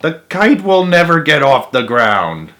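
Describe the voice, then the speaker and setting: A man's voice: on the high side, very animated, a little slow, pushed and bright, voice pushed up, full character voice. A man voicing a jeering flock of small birds in a storybook reading, mocking and taunting.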